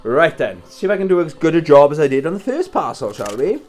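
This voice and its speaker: A man's voice: a little high, sing-song, fast, a little mellow. A man in his thirties casually telling a story while wrapping presents, swearing and chuckling as he talks. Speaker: vlogger. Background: Christmas music playing faintly.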